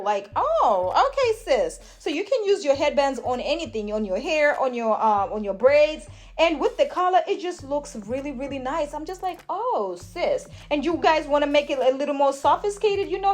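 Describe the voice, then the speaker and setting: A woman's voice: high-pitched, darkish tone. A woman chatting through a hair tutorial in a hyper, gushing way, calling her viewers honey and sis. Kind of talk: casual tutorial chat.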